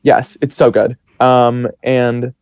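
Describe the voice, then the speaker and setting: A young man in his twenties talks as a podcast guest, rambling through his stories with plenty of fillers and acted-out bits of his own thoughts. His pitch sits in a middle range, and the recording is dry and close, with no room sound. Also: flat delivery, slow pace, darkish tone, clear, resonant tone, dry recording. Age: 20s. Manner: chatty, rambling with many fillers and quoted self-talk. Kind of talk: casual storytelling.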